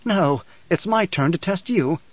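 A man voicing a calm, philosophical young man who speaks in measured riddles in an audiobook. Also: high-pitched, no echo, muffled recording, pitched above the performer's own voice.

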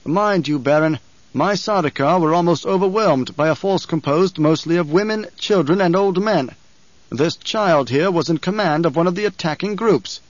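A man voicing an imperious, menacing emperor who speaks in a loud, commanding, sneering way. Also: on the high side, normal speed, no echo, pitched above the performer's own voice, natural voice. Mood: scornful. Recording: dry, slightly dull audiobook recording.

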